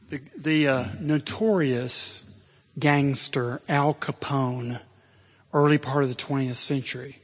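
Male pastor, high-pitched, husky voice, emphatic sermon delivery, long church reverb. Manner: emphatic preaching, swelling to loud exhortation.

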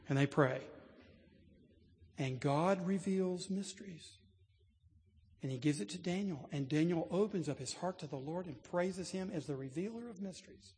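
A male preacher delivers a sermon in a large church, his voice sitting a little high. He tells stories earnestly and climbs to animated emphasis. Every word trails off into the long reverb of the sanctuary. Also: normal speed.

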